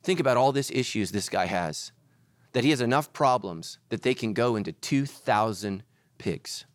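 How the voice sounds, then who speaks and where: A man preaching a sermon as pastor, animated, swinging between loud emphatic lines and hushed ones. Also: medium pitch, normal speed, no room sound.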